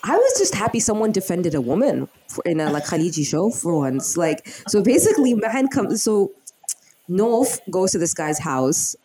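Young woman telling a show's plot all animated, lowish mellow voice, dry sound. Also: normal speed, slight background noise. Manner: animated storyteller acting out characters' lines. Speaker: podcast co-host recapping a TV drama. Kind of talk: casual chat.

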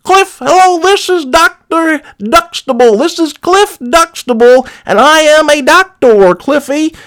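A man's voice: extremely high pitch, lively intonation, a little slow, a bit bright, voice pushed up, heavily acted. A man voicing a pompous, fussy doctor character in a comedy voicemail, speaking in a prim, overly polite way.

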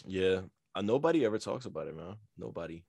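Laid-back low-voiced man, dry sound. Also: lively intonation, fast, vocal fry, husky, no echo. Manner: laid-back, slangy, trails off softly. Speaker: podcast co-host. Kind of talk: casual chat.

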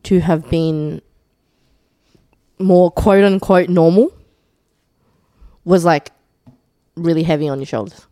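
A woman's voice: fairly low pitch, no room sound, clean studio sound. A woman co-hosting a podcast in casual chat, teasing and laughing often. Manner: slow, lively, laughs often. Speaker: podcast co-host.

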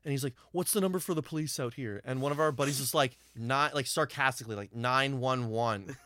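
A man's voice: medium pitch, quick pace, bright, forceful tone, no echo. A man casually telling a rambling road story from touring with his band, swearing freely.

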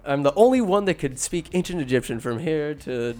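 A clumsy young librarian, bookish and flustered, rattling her words off quickly, as a man puts her on. Her voice sits a little higher than his own and lightly tense. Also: lively intonation, a little mellow, lightly acted.

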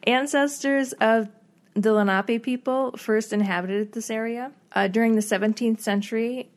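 A woman's voice: on the high side, steady tone, moderate pace. A woman in a casual podcast chat, steadily reading out prepared facts. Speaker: podcast co-host.

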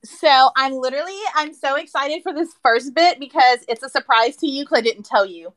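A woman guest on a casual podcast, excitable and scattered, giggling between questions. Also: sits high, fairly quick, no room sound, rough recording.

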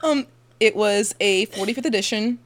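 A woman's voice: medium pitch, lively intonation, normal speed. Young female podcast co-host, loose and crude, rambles through stories between laughs. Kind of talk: casual storytelling chat.

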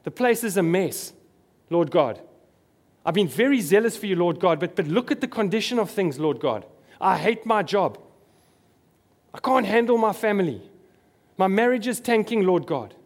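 Preacher guy doing a moany prophet man, griping fast and a bit high. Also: big pitch swings. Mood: whining. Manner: rapid, exasperated griping. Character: whining, self-pitying male prophet listing complaints.

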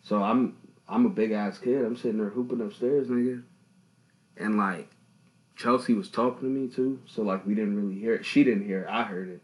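A young man hosting a casual podcast, telling stories in an animated, slangy way. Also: fairly low pitch, moderate pace, rough recording. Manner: animated, slangy storytelling with loud laughing outbursts. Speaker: podcast host.

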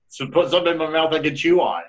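A man's voice: a little high, animated, quick pace. A man hosting a casual comedy chat, cutting in with crude jokes and questions. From Wichita. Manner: crude, joking interjections. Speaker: host.

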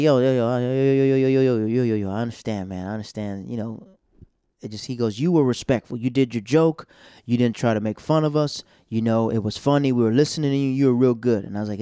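A man's voice: mid-range voice, mellow, clear, resonant tone, no echo. Slangy man in his thirties, dry sound. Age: 30s. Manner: loose, slangy, rambling with many fillers. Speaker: stand-up comedian. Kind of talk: casual storytelling monologue.

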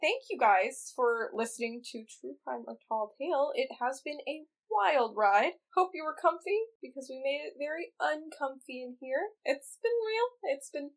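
Brief: young woman podcast co-host, high voice, animated and excitable, quick to laugh. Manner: animated, exclamatory, laughs often. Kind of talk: casual chat.

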